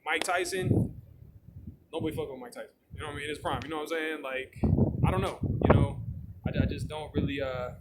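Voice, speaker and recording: A man chatting casually as host, rambling with heavy swearing and lots of fillers. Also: medium pitch. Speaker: channel host. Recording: loud background noise with clicks.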